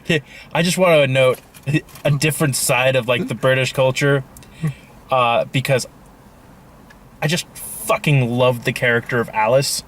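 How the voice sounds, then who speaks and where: A man's voice: medium pitch, steady tone, moderate pace, fairly bright tone, slight background noise. A man co-reviewing a film in casual chat, mostly giving short agreeing replies and dry asides.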